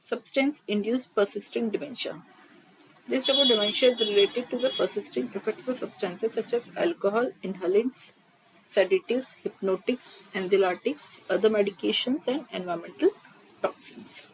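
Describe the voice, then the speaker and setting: A woman giving a nursing exam-prep lecture. She reads terms steadily from her notes, then quickly re-explains them in a mix of Hindi and English. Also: medium pitch. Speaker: nursing teacher. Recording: slightly dull audio with faint noise.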